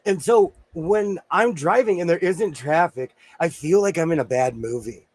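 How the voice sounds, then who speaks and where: A man's voice: fairly high pitch, normal speed, hardly any pauses, a little mellow, no room sound. A man hosting a casual livestream from his home sewing room, chatting and cheerfully greeting viewers by name.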